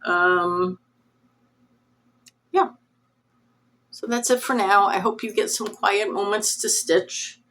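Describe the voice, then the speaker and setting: A woman's voice: mid-range voice, slow pace, long pauses, a bit bright. A woman hosting a cross-stitch vlog, chatting casually to camera in a nasal, rambling, self-deprecating way.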